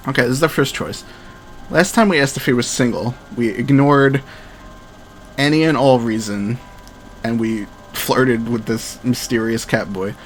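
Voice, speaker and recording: A man's voice: mid-range voice, poor audio. A man giving casual, joking commentary while streaming a game, swearing and laughing easily.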